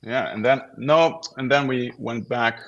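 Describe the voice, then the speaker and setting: Relaxed man from the Netherlands, lo-fi sound. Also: medium pitch, unhurried, gravelly, slight background noise. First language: Dutch. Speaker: actor guest. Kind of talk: casual interview chat.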